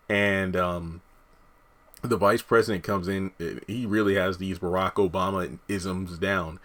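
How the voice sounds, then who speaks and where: A man's voice: low voice, fairly even intonation, measured pace, a bit bright. A man reviewing a TV episode, recapping the plot in a loose, rambling way with frequent fillers and restarts.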